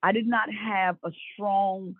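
A woman's voice: medium pitch, steady tone, slow, no echo. A woman in her fifties giving an earnest personal faith testimony as a guest, acting out the voices she quotes. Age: 50s. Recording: dry, tinny phone-like line.

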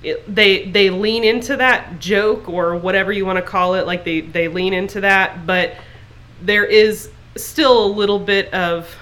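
A woman's voice: medium pitch, fairly even intonation, measured pace, fairly bright tone. A woman co-hosting a podcast in casual chat, rambling with lots of filler phrases. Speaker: podcast co-host.

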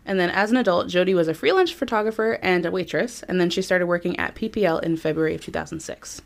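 A woman's voice: lowish voice, fast, creaky. A woman co-hosting a podcast, telling a true crime story from her notes in a chatty way, with frequent ums. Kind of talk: casual chat, reading from notes.

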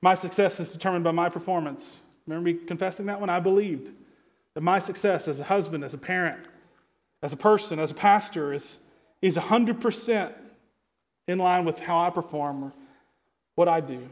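A man in his thirties preaching a sermon as pastor, speaking conversationally and dropping to a quiet intensity for emphasis. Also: sits high, moderate pace.

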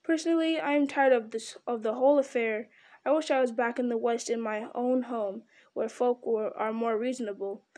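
A woman reading a storybook aloud, voicing a fussy, polite male hobbit who speaks in a prim, businesslike way, in a higher, mellow voice. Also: steady tone, normal speed, close to an everyday voice.

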